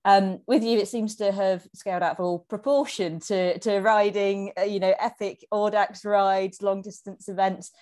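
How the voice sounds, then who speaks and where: A woman's voice: medium pitch, fairly even intonation, normal speed, few pauses, mellow. A woman hosting an interview, asking questions with encouraging remarks and hesitant fillers. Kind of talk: casual interview.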